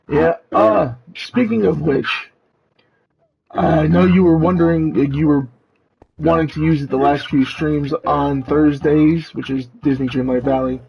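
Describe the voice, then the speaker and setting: A man streaming live with a demon robot voice changer on his voice, sounding deeply gravelly and slow. He chats easily to his viewers and narrates what he builds. The audio is dull and lo-fi, with the mic set back from his face. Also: fairly even intonation. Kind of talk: live gameplay commentary. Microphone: mic pulled back from face.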